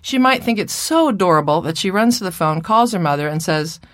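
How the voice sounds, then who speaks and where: Woman clinician, slightly low voice, dry close mic, measured lecture delivery. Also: animated, no echo. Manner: clear, measured teaching voice with playful child and mother impressions. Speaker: speech therapy presenter. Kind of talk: recorded lecture presentation.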